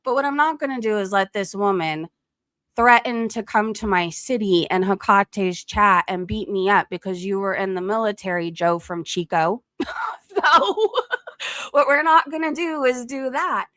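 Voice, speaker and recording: A woman's voice: medium pitch, normal speed, a bit bright, no echo, studio quality. A young adult woman streamer giving casual gossip commentary, blunt and profane, laughing often. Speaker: live streamer.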